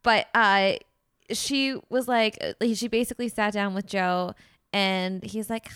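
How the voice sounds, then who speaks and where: A young woman co-hosting a casual podcast, talking things through in an easy, analytical way. Her voice is smooth and clear at a middle pitch, recorded close and dry. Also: steady tone, unhurried, a bit bright, no room sound. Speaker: podcast co-host. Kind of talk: casual chat about a reality show.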